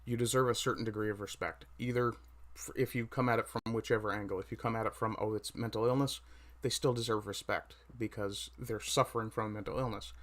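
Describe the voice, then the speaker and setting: A man with a low voice hosts a casual home livestream, talking loosely to his chat. He pauses often and fills the gaps with ums and uhs. His mic sits right under his chin. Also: steady tone, fairly bright tone. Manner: hesitant, many fillers, reads chat aloud. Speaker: livestream host.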